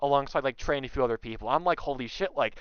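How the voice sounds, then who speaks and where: A young man telling a story in casual chat, animated and loudly acting out what others said. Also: mid-range voice, racing, clear, resonant tone, no echo, dull audio. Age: young adult. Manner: animated, acts out quotes loudly. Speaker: guest.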